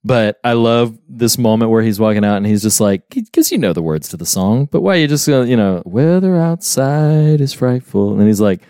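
A man co-hosting a casual movie podcast, animated, laughing often and acting out quotes. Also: lowish voice, a little fast, few pauses, clean tone, dry recording, clean studio sound. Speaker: podcast co-host. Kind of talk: casual movie review chat.

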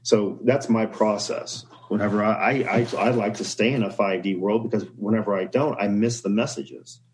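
A man talks as a guest on a podcast, his voice sitting a little low. He speaks earnestly and reflectively and slips easily into telling a story. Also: normal speed, a little mellow, low-quality recording. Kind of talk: casual conversation.

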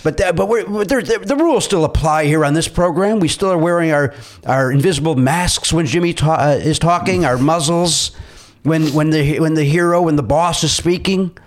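A man's voice: on the high side, normal speed. A man hosting a comedy podcast, mock-bossy and rambling, full of fillers and restarts. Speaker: podcast host.

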